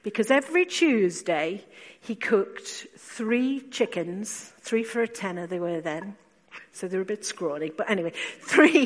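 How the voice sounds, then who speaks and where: Slow, emphatic woman preacher in a reverberant church. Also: medium pitch, lively intonation. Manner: slow, emphatic delivery with rhetorical questions and quiet asides. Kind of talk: sermon.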